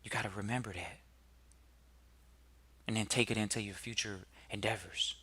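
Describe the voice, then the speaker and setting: A man hosting a podcast, giving a motivational talk full of rhetorical questions to listeners and building to loud emphatic peaks. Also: lowish voice, fairly even intonation, normal speed, breathy edge. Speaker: podcast host.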